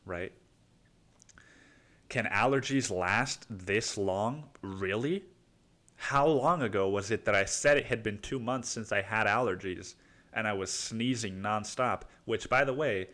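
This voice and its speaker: A man from Mexico talks alone into the mic in a slightly low voice. He rambles in a loose, profane way, keeps saying "dude", and drifts from one thought to the next. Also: unhurried, sharp tone. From Cancun, Mexico. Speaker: podcast host. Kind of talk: casual solo podcast monologue.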